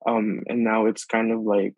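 A man's voice: on the low side, normal speed, no room sound, low-quality recording. A young man from Bonaire, a student, talking casually and reflectively as a podcast guest, with lots of fillers. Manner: relaxed, reflective, many fillers and likes. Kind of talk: casual conversation.

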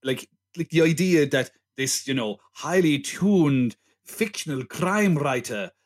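Casting: male co-host, fairly high voice, quick to laugh and interrupt. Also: lively intonation. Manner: laughing, chiming in, pushes back on the riffs. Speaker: podcast co-host. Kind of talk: casual film review chat.

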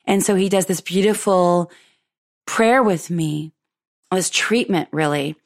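A woman with a lowish voice tells her listeners a personal story in an effusive, chatty way. She laughs often and slips into the voices of the people she quotes, like a host talking straight to her audience. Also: slow pace. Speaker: podcast host.

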